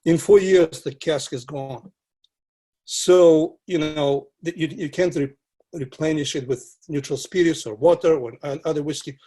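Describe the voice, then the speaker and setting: A man with a somewhat high voice speaks English as a second language. He chats casually about whisky and restarts his sentences often as he searches for words. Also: dark tone, slightly rough. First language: not English. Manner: halting, with frequent restarts and filler. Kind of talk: casual conversation.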